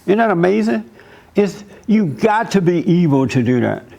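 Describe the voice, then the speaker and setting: Gravelly man preaching in church. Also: high voice, moderate pace, highs cut off. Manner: storytelling, animated, preachy. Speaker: pastor. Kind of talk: church talk.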